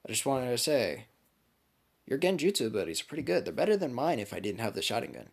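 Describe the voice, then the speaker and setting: A man's voice: mid-range voice, sing-song, fast talker, gravelly. A man retelling a fan story, speaking the lines of a brash young male ninja in a casual, offhand way.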